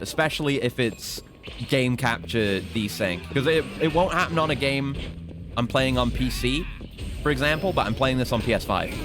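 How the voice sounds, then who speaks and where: A British man chatting and joking loosely as he streams himself playing a game. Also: mid-range voice. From Britain. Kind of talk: live-stream commentary while gaming. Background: game music.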